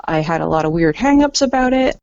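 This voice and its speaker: Candid low-voiced woman, dull sound. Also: lively intonation, a little fast, a little mellow, dry recording. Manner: candid, laughs often, swears casually. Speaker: guest photographer and artist. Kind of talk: casual podcast chat.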